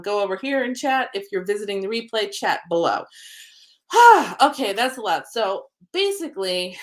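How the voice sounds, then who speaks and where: Chatty woman host, oracle card reader, upbeat and rambling on a livestream. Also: mid-range voice. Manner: chatty, rambling, frequent ums; spiritual, upbeat. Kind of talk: live-streamed card reading.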